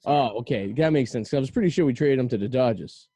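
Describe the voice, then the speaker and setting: A man with a Boston accent hosting a podcast, joking and rambling in quick banter. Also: mid-range voice, warm tone, slightly rough. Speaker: podcast host. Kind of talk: casual chat.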